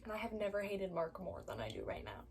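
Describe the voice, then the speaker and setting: A woman talking casually to camera about a book, upset and close to tears. Her voice sits at a middling pitch and keeps sinking into soft whispers before climbing into exasperated bursts. A faint hiss sits behind her. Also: big pitch swings, quick pace. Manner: emotional, drifting between soft whispers and exasperated outbursts. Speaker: book vlogger. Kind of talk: reading vlog, casual talk to camera.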